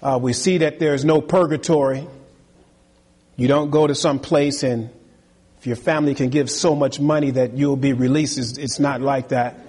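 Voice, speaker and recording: A man's voice: medium pitch, fairly even intonation, normal speed, darkish tone, breathy edge, big-room sound. A male pastor delivering an earnest sermon full of repeated rhetorical questions, in a church.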